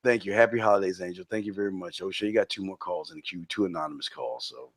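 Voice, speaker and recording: A man's voice: low voice, quick pace, crowd noise. A man hosting a podcast and taking calls, egging the callers on. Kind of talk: casual podcast banter.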